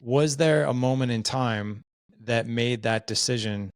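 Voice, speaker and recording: A man's voice: mid-range voice, a little slow, no room sound. A man hosting a podcast interview, conversational, often checking in with "right?". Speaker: podcast host.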